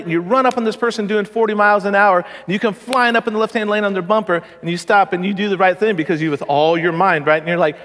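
Pastor, man, high voice, casual joking sermon, long hall reverb. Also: a bit bright. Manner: conversational, joking, emphatic.

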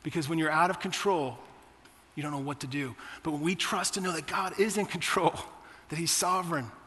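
Preaching to his congregation, a man in his forties tells personal stories in a conversational style. He speaks briskly in a fairly high, bright, forceful voice that carries a big-room sound.

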